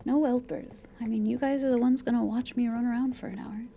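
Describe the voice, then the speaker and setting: A woman with a high voice and a mellow, relaxed tone talks her way through a game on a live stream. She thinks aloud and wanders from point to point, sometimes sinking into soft, half-whispered asides. A faint hum sits behind her. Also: fairly quick, creaky. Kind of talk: casual gameplay commentary.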